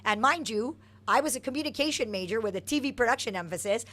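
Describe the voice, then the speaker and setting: Energetic middle-aged woman telling stories. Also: fairly high pitch, fast. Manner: energetic, animated storyteller. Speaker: soccer coach, guest. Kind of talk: interview storytelling.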